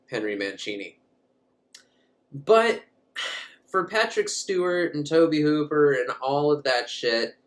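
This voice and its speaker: A man's voice: medium pitch, a bit bright. A man recapping a movie in a casual, comic way, rambling, swearing and often laughing. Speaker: movie reviewer.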